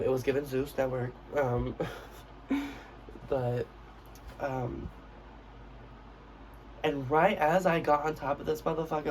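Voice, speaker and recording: Brash young man with gravelly voice. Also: medium pitch, far from the mic, slight background noise, poor audio. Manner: brash, profane, acts out quotes of himself. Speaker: vlogger. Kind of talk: storytime vlog, casual profane retelling.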